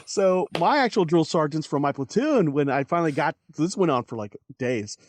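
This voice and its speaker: A man's voice: on the high side, a little fast, no echo. A man in his forties, a podcast guest, telling a story in casual conversation and acting out the people he quotes. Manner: animated, acts out quoted voices, laughs while telling.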